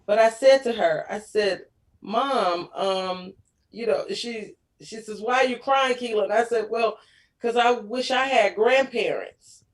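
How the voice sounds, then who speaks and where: A woman's voice: mid-range voice, slow. A woman in her forties, a guest on a talk show, telling family stories in casual chat, laughing often and acting out quotes.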